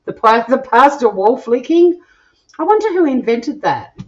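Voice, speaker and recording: A woman's voice: high voice, big pitch swings, normal speed, darkish tone, lo-fi sound, slight background noise. An Australian woman hosting a live cooking stream from her home kitchen, chatting to viewers in a bubbly way as she cooks. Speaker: cooking show host.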